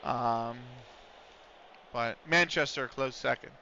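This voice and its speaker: A US-based man live-streams a football management game, rambling in casual banter between play-by-play calls of the action. His mid-range voice is slow, pushed and bright, coming through dull lo-fi stream audio with a little hiss or hum.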